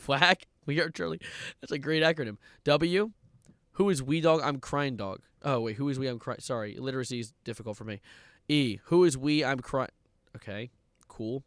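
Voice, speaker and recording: A young man streaming live and reacting to online content, ranting sarcastically, swearing and breaking into loud outbursts. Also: medium pitch, moderate pace, no room sound, clean studio sound. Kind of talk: livestream reaction commentary.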